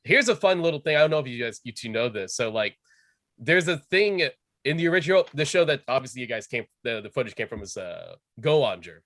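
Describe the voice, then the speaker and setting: A man's voice: medium pitch, big pitch swings, fast, fairly bright tone, no room sound. Eager man moderating, dry sound. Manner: eager, fan-knowledgeable explainer. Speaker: panel moderator. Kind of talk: casual panel chat.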